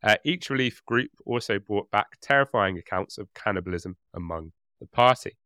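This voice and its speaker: A man's voice: on the low side, expressive, normal speed, pushed and bright, clear, resonant tone, no echo, clean studio sound. Giggly man telling a grim tale. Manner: reads quotes aloud, breaks into giggles. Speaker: podcast co-host and storyteller. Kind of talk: casual history podcast narration.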